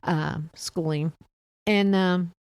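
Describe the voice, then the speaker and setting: A woman's voice: lowish voice, fairly even intonation, very slow, a little mellow, smooth, dry recording. An older woman hosting a podcast, telling stories in a rambling, chatty way and laughing often. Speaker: podcast host. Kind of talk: casual monologue.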